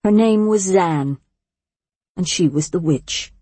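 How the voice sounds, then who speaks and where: A woman narrating a storybook at a slow, measured pace. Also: lowish voice, warm tone, husky, dry recording. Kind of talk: storybook reading.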